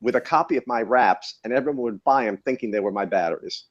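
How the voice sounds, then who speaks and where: In a casual podcast chat, a man who tests batteries appears as a guest, talking fast in a mid-range voice. His manner is wry, rambling, and self-correcting, and the sound is lo-fi.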